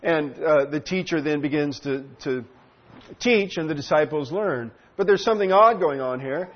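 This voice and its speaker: A man teaching through a Bible passage in an earnest, explanatory way, often pausing with fillers and restarting his sentences. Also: a little high. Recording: dull lo-fi recording.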